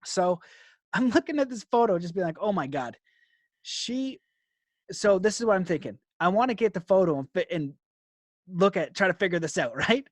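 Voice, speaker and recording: A young man guest recounting a story in an interview, lively and quick to laugh, peppering his talk with "like". His voice sits fairly high for a man. The sound is dry and close. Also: no echo. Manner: animated, laughs often, frequent "like".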